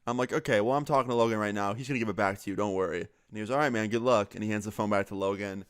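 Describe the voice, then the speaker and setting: A young man casually telling a story, quoting his friends in quick back-and-forth with lots of "like" fillers. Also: lowish voice, steady tone, clear, resonant tone, no echo, studio quality.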